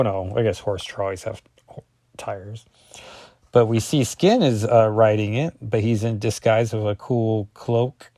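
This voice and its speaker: A man's voice: on the low side, warm tone, dry recording. A man casually reviewing a comic book page by page, rambling and often correcting himself with lots of ums.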